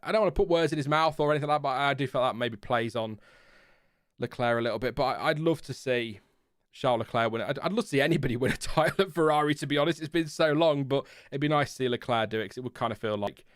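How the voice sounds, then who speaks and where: Chatting loosely with viewers on his F1 channel's live stream, this Lincolnshire man in his thirties rambles, pokes fun at himself, and chuckles often. He talks at a quick pace in a smooth, resonant, medium-pitched voice that sits close and dry on the mic, with no room sound or echo.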